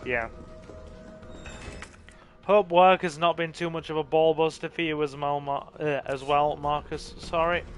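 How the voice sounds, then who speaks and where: Tired man slowly commentating a game. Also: fairly high pitch, steady tone, faint music behind. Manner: joking, chatty, self-deprecating. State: tired, yawning. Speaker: let's play host. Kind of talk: casual gameplay commentary.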